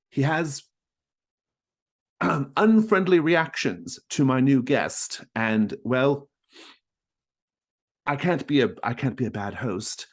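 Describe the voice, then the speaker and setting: A man voicing a soft, fretful, genteel middle-aged widow who speaks in a fussy, prim way. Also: medium pitch, lively intonation, slow, pauses often, voice pushed up. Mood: troubled.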